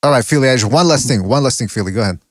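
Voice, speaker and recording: A man's voice: medium pitch, animated, very fast, no echo. A man hosting a casual boxing podcast, steering the talk and cutting in to move things along. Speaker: podcast host.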